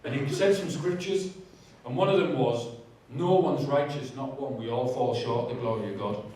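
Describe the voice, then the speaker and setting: A man's voice: mid-range voice, normal speed, a little mellow. A man giving a candid, conversational personal testimony with humour in a large church hall. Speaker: guest speaker giving testimony. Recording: very echoey hall, distant mic.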